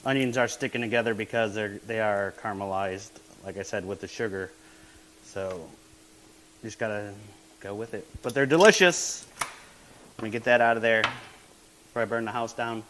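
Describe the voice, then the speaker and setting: A man's voice: on the low side, moderate pace, pauses often, a bit bright, slight background noise, rough recording. A man hosting a casual home cooking stream from his apartment kitchen, chatty and laid-back, laughing often. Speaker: host of a home cooking show.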